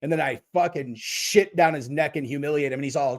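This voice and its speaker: A livestream host with a voice on the high side talks fairly quickly in a casual rant. He is profane and mocking, swearing a lot as he talks back to and ridicules chat commenters.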